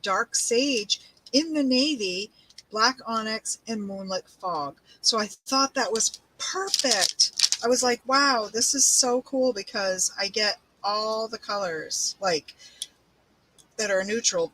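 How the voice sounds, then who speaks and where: Greeting viewers by name on her craft livestream, an older woman chats and rambles while unpacking and displaying her supplies. She speaks at a medium pitch, with background noise in the recording.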